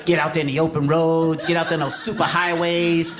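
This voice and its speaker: A man from New York City doing a stand-up comedy set, telling stories with lively quoted voices. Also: brisk, a crowd in the background. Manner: animated storytelling, jumps into high voices for quotes. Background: audience laughter.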